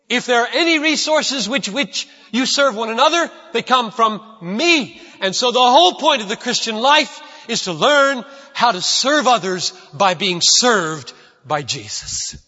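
A man's voice: extremely high pitch, animated, unhurried, sharp tone. A man preaching a sermon in a church sanctuary, emphatic and repeating key lines for stress. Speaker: pastor. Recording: dull lo-fi recording with long hall reverb.

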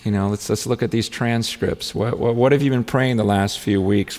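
A man preaching a sermon as pastor, earnest and repetitive, often halting and restarting his phrases. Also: medium pitch, creaky, darkish tone. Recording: long hall reverb.

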